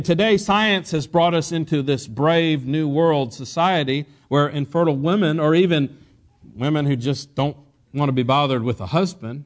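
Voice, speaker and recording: A man's voice: a little high, moderate pace. A man preaching a sermon as a pastor, asking the congregation for responses and dropping in joking asides.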